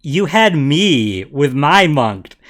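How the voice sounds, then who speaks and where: A man's voice: on the high side, sing-song, slow, a bit bright. A man chatting casually with a co-host while streaming a game, laughing often. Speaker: let's play streamer.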